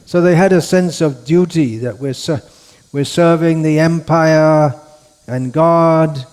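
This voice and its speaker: A man giving a scriptural lecture in an unhurried, rambling way, with frequent restarts and fillers. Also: fairly high pitch, a little mellow. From India. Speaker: monk lecturer.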